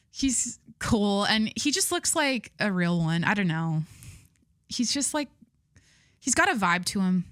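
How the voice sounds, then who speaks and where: Young woman podcaster rambling on, bright tense voice, super dry close mic, swears casually. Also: mid-range voice, dry recording. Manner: rambling, chatty, frequent fillers and restarts; gushing, candid, swears casually. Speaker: podcast host. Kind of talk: casual chat.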